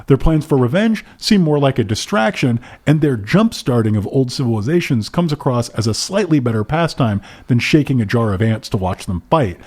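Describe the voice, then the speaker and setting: A man co-hosts a podcast and reads listener letters aloud in an easy conversational way. His voice sits at a middle pitch, and the talk stays relaxed. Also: husky. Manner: reads letters aloud, playful mock accents. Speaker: podcast co-host. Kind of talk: casual chat, reading listener mail.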